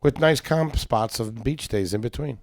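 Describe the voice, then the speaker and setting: A man's voice: mid-range voice, normal speed, vocal fry, slight background noise. A man co-hosting a podcast, telling a family story in a blunt, profane, dryly teasing way. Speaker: podcast co-host. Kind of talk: casual storytelling chat.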